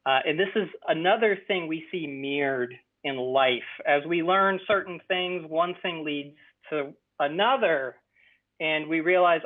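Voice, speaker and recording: A young man with a fairly high voice tells his story with eager, halting enthusiasm. His voice comes through a thin, tinny call line that sounds like a phone. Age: young adult. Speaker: guest presenter. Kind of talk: casual interview storytelling.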